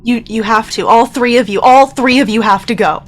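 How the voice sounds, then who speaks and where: A woman's voice: on the high side, brisk, pitched above the performer's own voice, close to an everyday voice. A woman voicing a tearful, protective young man in a tabletop game, speaking with urgent pleading.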